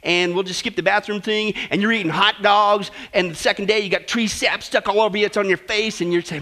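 A man preaching a sermon, moving between hushed, slow stretches and loud, emphatic passages. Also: high-pitched, fairly even intonation.

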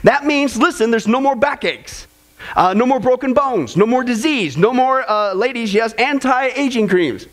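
High-voiced joking preacher. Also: male voice, lively intonation, moderate pace. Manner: joking, punchy lists, talks to the audience. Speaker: pastor. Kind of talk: humorous sermon.

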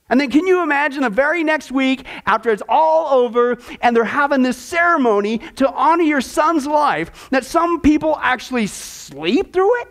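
Animated high-voiced male Bible teacher. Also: normal speed. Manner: animated storytelling, rhetorical questions; humorous asides. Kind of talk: discipleship class teaching.

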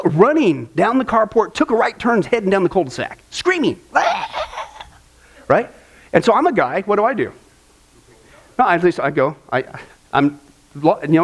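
High-voiced man teaching a Bible class. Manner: conversational, with frequent fillers and repeated words; tells lively personal stories, acting out voices. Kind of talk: church discipleship class lecture.

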